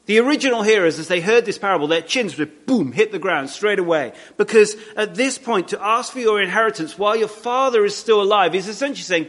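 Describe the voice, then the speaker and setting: A man with a high-pitched voice preaches a sermon to his congregation. He talks conversationally, often restarting his sentences and throwing in asides. On his key points he slows right down and leans on the words. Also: lively intonation, fairly bright tone. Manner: emphatic, slowing down on key points.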